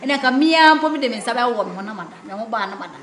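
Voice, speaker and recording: A woman's voice: fairly high pitch, expressive, racing, a crowd in the background. A woman speaking frankly as an interview guest, mixing Twi and English. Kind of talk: casual interview chat. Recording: roomy echo.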